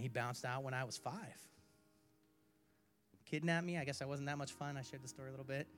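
A male pastor preaching in an animated storytelling style, his voice at a medium pitch. He swings from loud, emphatic bursts to hushed, quiet moments. A faint guitar plays softly underneath. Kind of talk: sermon.

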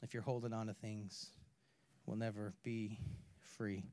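A man preaching a sermon, telling a personal story in an animated way, with sudden loud bursts and quiet drops. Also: on the low side, a little slow. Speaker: pastor.

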